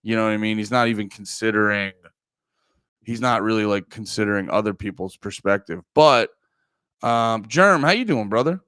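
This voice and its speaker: A man's voice: lowish voice, normal speed, a bit bright, clear, resonant tone, no echo. A man streaming live, chatting casually with his viewers in a rambling, profane, joking way.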